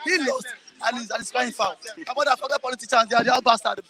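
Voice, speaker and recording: High forceful Nigerian man arguing. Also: fast talker. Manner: forceful, talks over others, repeats himself. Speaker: interviewee. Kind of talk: heated political argument.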